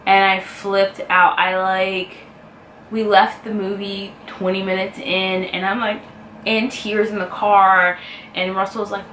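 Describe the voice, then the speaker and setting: Woman vlogging straight to camera, emotional and halting, kinda echoey room with a little hum behind. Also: mid-range voice, steady tone, a bit bright. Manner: emotional, heartfelt, halting with pauses. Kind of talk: personal vlog talking to camera. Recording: echoey room with faint ambient noise.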